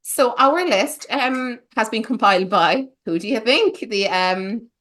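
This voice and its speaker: A woman's voice: on the high side, lively intonation, unhurried, a bit bright. A woman hosting a casual film podcast, playful and teasing, with theatrical asides. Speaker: podcast host.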